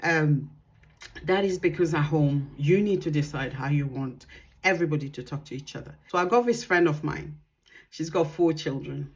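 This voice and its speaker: A woman working as a parenting consultant, giving calm, earnest advice to the camera and acting out bits of dialogue as she goes. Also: sits low, normal speed.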